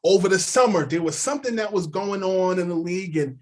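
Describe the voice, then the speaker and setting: A man telling stories as a sports journalist guest on a casual podcast, animated and full of "like" and "yo". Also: sits high, brisk.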